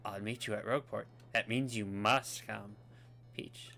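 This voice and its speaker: A man's voice: on the low side, fairly even intonation, measured pace, creaky, sharp tone, a little hiss or hum, heavily acted. A man voicing a princess reading out her letter in a sweet, coaxing way. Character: gracious young princess writing a letter.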